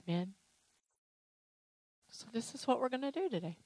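A woman preaching a sermon with an altar call, emotional and animated, with playful acted asides. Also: on the high side, moderate pace, no room sound, low-quality recording. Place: church sanctuary.

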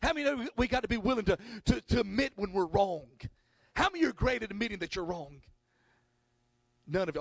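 A male pastor preaching a sermon, with sudden shouted bursts and call-and-response with the congregation. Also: high-pitched, very animated, fairly quick, creaky, no room sound. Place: church, recorded on video.

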